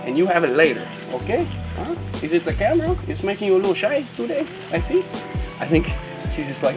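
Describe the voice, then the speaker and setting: A man hosting a casual animal vlog, talking excitedly and cooing to his pets as he feeds them. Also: fairly high pitch, fast, reverberant, music in the background, poor audio. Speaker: host of an animal channel.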